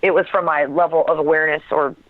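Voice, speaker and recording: A woman's voice: deep voice, fairly even intonation, quick pace, dry recording. Earnest woman on a tinny phone line. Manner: earnest, searching for words, laughs often. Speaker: guest. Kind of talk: personal storytelling in an interview.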